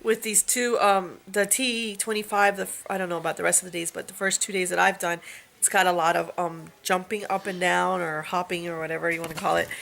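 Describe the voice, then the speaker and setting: A woman's voice: on the low side, fairly even intonation, brisk, creaky, fairly bright tone. A mother chatting casually on a home vlog she films herself in her bedroom, rambling and breaking off now and then. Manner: rambling, breaks off to scold kids. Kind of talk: casual chat. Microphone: self-recorded camera.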